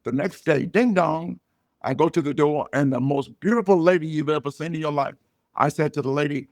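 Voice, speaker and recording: An older man, a comedian guest, telling stories and jokes in a loud, punchy way. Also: fairly high pitch, brisk, no room sound, clean studio sound. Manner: loud punchy joke delivery, animated storytelling. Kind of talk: storytelling comedy chat.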